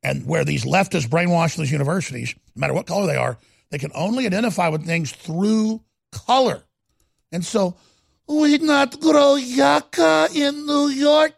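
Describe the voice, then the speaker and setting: A man hosting a talk radio show, delivering a heated, ranting monologue that swings between loud and quiet. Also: on the high side, gravelly, breathy edge, no room sound, clean studio sound.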